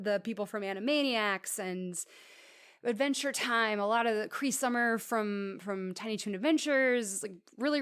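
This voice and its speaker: A woman's voice: medium pitch, fairly bright tone, smooth. A woman, a theater actor, talking animatedly in a casual podcast chat and laughing between her points.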